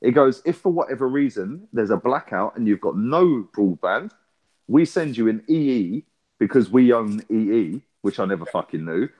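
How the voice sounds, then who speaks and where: An English podcast co-host with a lowish voice tells a long story in casual chat, very animated and swearing freely. The storytelling comes with rapid back-and-forth, and the recording sounds muffled.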